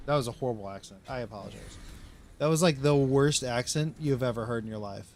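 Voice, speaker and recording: A man's voice: medium pitch, fairly quick, a little mellow, slight background noise. A man streaming a game live, rambling through casual commentary to himself and his chat.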